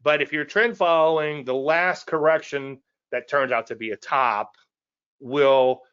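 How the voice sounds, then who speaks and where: A man's voice: a little high, a little slow, a bit bright, clear, resonant tone. Chatty male trading teacher, slightly muffled. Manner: conversational and digressive, chuckles at his own asides; repeats phrases and restarts sentences. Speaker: trading educator hosting a live weekly show. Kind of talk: live trading presentation.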